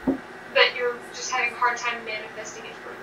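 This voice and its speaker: A woman running a tabletop game as game master, narrating in a slow, guiding way with small stutters. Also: on the high side, little pitch movement, sharp tone. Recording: echoey room, mic from a distance, noisy.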